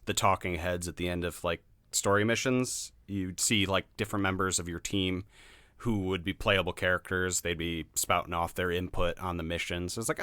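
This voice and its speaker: A man co-hosting a podcast in casual chat, blunt and quick to laugh. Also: low voice, fairly even intonation, fairly bright tone, clean tone, no echo, clean studio sound. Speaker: podcast co-host.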